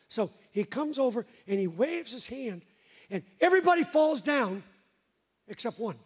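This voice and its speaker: A pastor with a high, husky voice preaches to his congregation in church. He tells his story casually and pokes fun at himself, breaking off now and then to ask the crowd whether they follow him. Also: animated, normal speed. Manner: conversational, self-mocking, addresses the congregation directly. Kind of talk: storytelling sermon.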